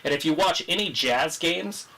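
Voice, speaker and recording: A man hosting a casual live wrestling watch-along, chatting, joking and reading viewer comments aloud while his voice grows hoarse. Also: a little high, animated, moderate pace, pushed and bright, poor audio. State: losing his voice. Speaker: livestream host.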